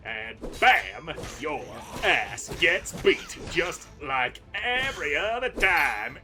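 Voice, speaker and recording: A man's voice: on the high side, sing-song, slow, few pauses, music in the background. A man giving crude, sarcastic commentary while playing a video game, trash-talking the enemies he fights. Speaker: gaming channel host. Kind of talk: gameplay commentary.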